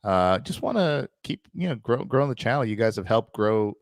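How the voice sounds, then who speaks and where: A man's voice: medium pitch, very animated, normal speed, dry recording, clean studio sound. A man co-hosting a live stream, chatting loosely and upbeat as he thanks viewers. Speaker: co-host. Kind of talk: casual live-stream chat.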